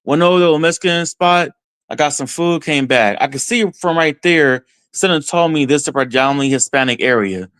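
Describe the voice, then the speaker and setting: A man from Texas, a podcast guest, telling a story in an excited first-person way and voicing his own thoughts along the way. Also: fairly high pitch, brisk, clean tone, no room sound. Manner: excited, retells events with quoted self-talk.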